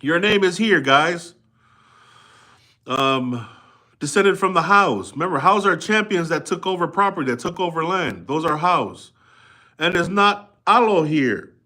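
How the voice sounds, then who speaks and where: A middle-aged man reads a book aloud live with a bright, forceful voice sitting a little high for a man. He breaks off often in a relaxed, conversational way to explain and quiz his listeners. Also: a little slow. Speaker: reader and commentator. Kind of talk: live book reading with commentary.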